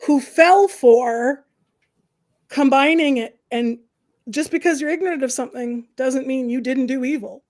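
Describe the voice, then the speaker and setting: High-voiced, animated woman hosting a livestream. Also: measured pace. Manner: animated, opinionated, many "like" and "right?". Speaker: host, professor and counsellor. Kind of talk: casual livestream chat.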